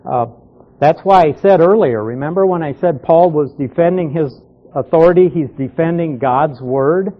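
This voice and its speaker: A pastor teaching a Bible class, explaining verses slowly and repeating key words for emphasis. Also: male voice, fairly high pitch. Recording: dull lo-fi sound.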